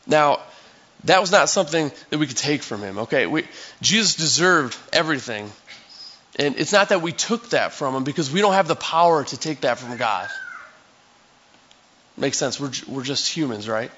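A man's voice: on the high side, expressive, moderate pace, pushed and bright, dull audio. A male pastor giving a sermon in a conversational, storytelling way, acting out scenes for his listeners.

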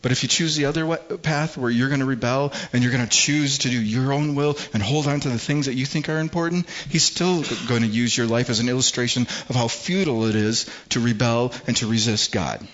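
A middle-aged man delivers a sermon as a pastor in a relaxed, conversational way. He repeats words as he thinks aloud and often acts out what others might say. The recording sounds a little dull and muffled. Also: mid-range voice, fairly quick, few pauses. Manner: conversational preaching, acts out quoted voices.

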